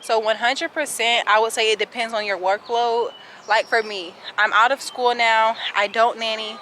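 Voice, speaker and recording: A young woman in her twenties answers viewer questions while walking outside, winded and talking straight to her viewers. Her voice is bright and sharp, a little higher than most, and she has a sassy, chatty way of speaking. Faint outdoor noise sits under the handheld camera audio. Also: fairly even intonation, normal speed. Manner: chatty, sassy, addresses viewers as sis and y'all. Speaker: kindergarten teacher and vlogger. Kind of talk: casual Q&A vlog.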